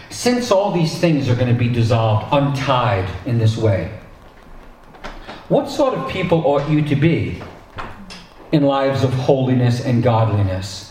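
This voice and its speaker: A male pastor preaching a sermon in a conversational, animated way, with asides and restarts. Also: medium pitch, slight background noise. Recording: echoey hall, distant mic.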